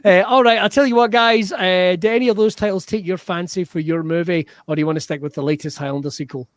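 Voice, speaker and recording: Brief: playful improv host, higher pitch, giggly, bone-dry sound. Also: male voice, fairly even intonation, fast talker, no echo. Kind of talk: casual online improv show hosting.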